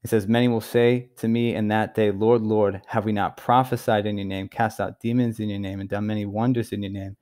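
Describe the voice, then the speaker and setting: Male preacher, lower voice, emphatic and sincere teaching delivery. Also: little pitch movement, a little mellow. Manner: earnest, emphatic, stresses key words with pauses. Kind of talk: recorded Bible teaching.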